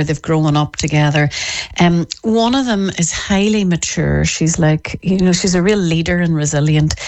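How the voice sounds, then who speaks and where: A middle-aged woman, an author on parenting, explaining in an interview and acting out what parents say. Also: fairly low pitch. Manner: animated, acts out parents' voices. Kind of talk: podcast interview.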